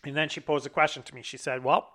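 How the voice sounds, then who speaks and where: A man casually telling a personal story, animated, quoting back and forth and swearing freely. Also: a little high, fast. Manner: animated anecdote with frequent profanity and quoted dialogue.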